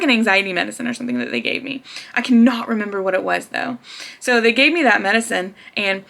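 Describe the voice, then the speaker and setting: A woman's voice: medium pitch, fairly bright tone. A young woman casually telling a personal story to camera, chatty, with frequent laughs and fillers. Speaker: vlogger.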